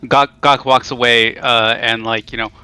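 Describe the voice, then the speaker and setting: A man's voice: mid-range voice, fairly even intonation, normal speed, bright, forceful tone, smooth, dry recording. A man playing a tabletop game, playfully describing what his character does. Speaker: player.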